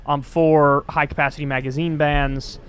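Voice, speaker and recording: A man speaks in a measured way, weighing each point and correcting himself as he thinks aloud. His pitch is a little high for a man. He sounds like a political commentator in a played clip. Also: little pitch movement, clean tone.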